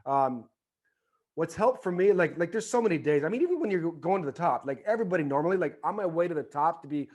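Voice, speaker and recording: Fervent, rambling man, higher voice. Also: animated, fast, darkish tone. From United States. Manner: rambling, many fillers and restarts; fervent motivational delivery. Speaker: podcast guest, former baseball player. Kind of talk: casual interview storytelling.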